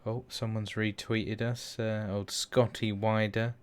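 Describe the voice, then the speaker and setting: A man's voice: lowish voice, little pitch movement, takes it slowly, clear, resonant tone. A man in his thirties co-hosting a podcast, rambling casually with plenty of swearing and laughs. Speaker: podcast co-host. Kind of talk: casual chat.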